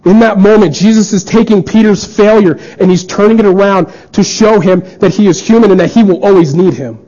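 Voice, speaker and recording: With a high, warm voice and a fairly quick pace, a man delivers an earnest sermon. He voices the characters in his stories as he quotes them, on a dull lo-fi recording.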